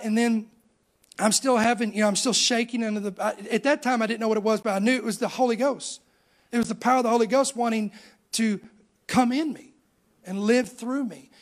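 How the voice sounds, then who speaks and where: High-voiced animated preacher man. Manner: animated storytelling preacher, voice rising on emphasis. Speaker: pastor. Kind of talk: sermon.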